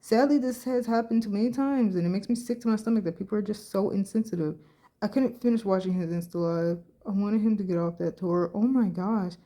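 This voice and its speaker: Brisk and warm in tone, a woman with a medium-pitched voice reads social media comments aloud for a casual vlog. She reacts bluntly, swearing and using plenty of slang.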